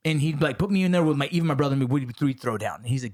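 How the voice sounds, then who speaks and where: A man in his thirties hosting a podcast, telling stories casually, animated and full of profanity. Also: mid-range voice, racing. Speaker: podcast host. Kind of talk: casual conversation.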